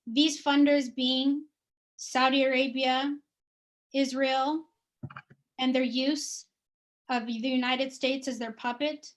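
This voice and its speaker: A woman activist reading a prepared statement in a forceful, declarative way. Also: high-pitched. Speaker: activist speaker.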